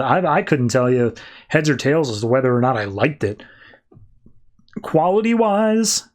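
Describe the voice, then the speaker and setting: A man hosting a comics podcast, recapping and rating an issue in a rambling, animated way. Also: fairly high pitch. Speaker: podcast host. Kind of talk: comic book review podcast.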